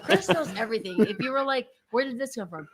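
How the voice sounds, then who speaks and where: A woman's voice: high-pitched, sing-song, fast, crowd noise. A woman co-hosting a casual livestream, upbeat and chiming in with short remarks. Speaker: livestream co-host.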